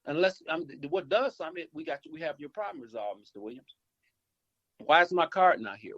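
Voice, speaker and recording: This is a middle-aged man, an insurance agency owner and investor, offering meandering advice during a phone interview. His fairly high voice is sing-song, fairly quick and a bit bright, echo-free, and he keeps repeating and restarting as he reenacts customer calls, all through a dull lo-fi phone line.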